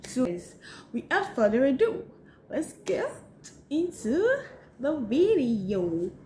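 A woman's voice: high-pitched, sing-song, slow, warm tone, reverberant, slight background noise. A woman with a Nigerian accent chatting casually to her viewers in a book-summary vlog, often saying "so yes" and talking to them directly. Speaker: vlogger.

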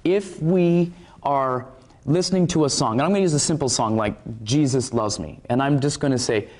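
A man's voice: mid-range voice, normal speed, darkish tone. Man, instructive talk, explanatory, counts beats aloud, teaching tone. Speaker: speaker teaching on music.

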